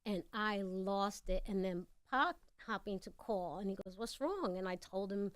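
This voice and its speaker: A middle-aged woman, a radio interview guest, telling a story in a lively way and acting out the voices of the people in it. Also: mid-range voice, unhurried, dry recording, clean studio sound. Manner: animated, acts out quoted voices.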